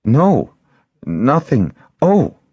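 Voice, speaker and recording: A man's voice: mid-range voice, huge pitch swings, extremely slow, dark tone, slightly rough, no room sound, muffled recording, voice pushed up, heavily acted. A man reading a weak, wry young lord. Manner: weak but teasing.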